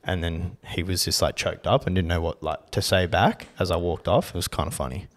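A man's voice: sits low, fairly quick. A young man, co-hosting a podcast in casual chat, brash and swearing as he rants. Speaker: podcast co-host.

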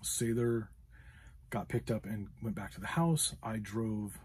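A man's voice: on the low side, steady tone, measured pace, darkish tone, a little hiss or hum. A man hosting a podcast, telling a frustrated story in a casual monologue with many fillers. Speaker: podcast host.

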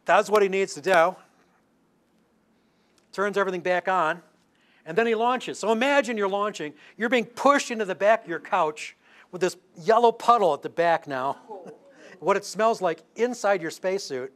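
A man's voice: high-pitched, expressive, normal speed, fairly bright tone. Older man telling space stories. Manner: storytelling with asides and restarts. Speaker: lecturing astronomer. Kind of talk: public science talk.

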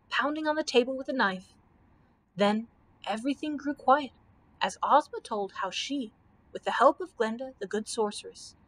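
A woman librarian reading a children's book aloud in a gentle storybook manner. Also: fairly high pitch, low-quality recording.

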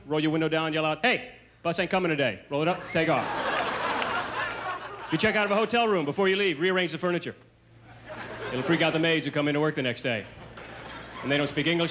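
A man from the South performs a stand-up set at a rapid clip, his voice sitting a little high. He punches each line with brisk energy. The 1980s TV stage recording carries plenty of background noise. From American South. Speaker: stand-up comedian. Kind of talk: stand-up comedy routine. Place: comedy stage before a live audience.

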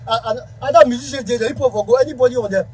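A high-voiced man with a Ghanaian Pidgin accent delivers a heated, confrontational rant straight to camera. He keeps circling back to the same accusations, and faint noise hums behind him. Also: rapid-fire, rough recording. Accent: Ghanaian Pidgin English. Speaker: musician.

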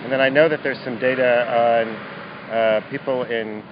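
A man's voice: mid-range voice, steady tone, measured pace. A man, a professor, answering interview questions outdoors in a friendly, matter-of-fact, explanatory way. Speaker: guest professor. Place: outdoors by a river path. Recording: dull lo-fi audio with faint outdoor noise.

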